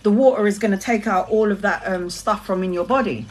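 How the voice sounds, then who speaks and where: A woman from Brazil recounts a story to her live-stream audience in a loose, animated way. She laughs often and swears casually, and her voice sits at an everyday middle pitch. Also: brisk, a little hiss or hum. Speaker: tarot reader.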